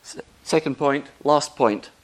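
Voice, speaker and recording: A man preaching a sermon, earnest and emphatic, rising in pitch and volume on key phrases. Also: a little slow.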